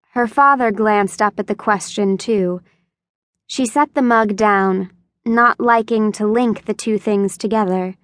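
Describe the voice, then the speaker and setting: A woman reading an unabridged young adult novel as audiobook narrator, in a measured, even manner. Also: medium pitch, dry recording. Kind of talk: scripted narration.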